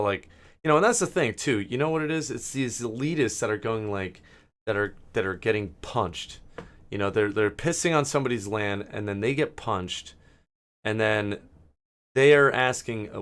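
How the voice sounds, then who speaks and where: Hoarse, profane man ranting over gameplay. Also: on the low side, a bit bright. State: hoarse throat. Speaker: gaming channel host. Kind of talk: casual rambling commentary while gaming.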